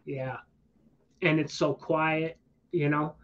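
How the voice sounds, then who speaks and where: A man's voice: fairly high pitch, flat delivery, takes it slowly, fairly bright tone. A man telling a long, rambling story in casual conversation, with slangy asides and frequent restarts. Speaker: streamer. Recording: dull lo-fi sound.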